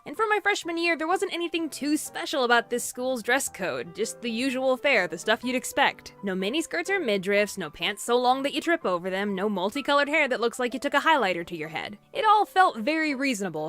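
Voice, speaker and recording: A young woman tells a comic school story in a bright, ringing voice that swoops up and down with energy. Her delivery is scripted and sarcastic, full of playful asides, set over faint background music. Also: on the high side. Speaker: animated storytime narrator. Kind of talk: scripted comedic narration.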